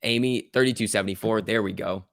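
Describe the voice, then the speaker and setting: A man hosting a live stock trading stream, reacting excitedly to price moves and chatting casually with viewers. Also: lowish voice, quick pace, vocal fry, dry recording, studio quality. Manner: excitable, exclaiming at price moves, reading chat aloud. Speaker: stock trading livestream host.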